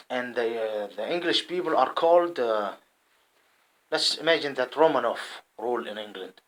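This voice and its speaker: Man from the arab world, vlogging monologue, bright forceful tone, swooping animated pitch, repetitive and rambling. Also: rough recording. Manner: rambling, repeats himself, swings between loud and muttered. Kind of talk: impassioned monologue to camera. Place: at home in England.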